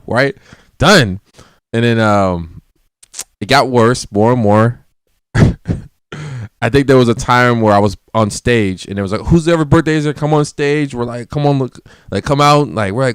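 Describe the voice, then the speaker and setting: A man's voice: fairly low pitch, moderate pace, smooth, no echo, clean studio sound. A man telling a party story in casual chat, acting out quotes and laughing often. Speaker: guest.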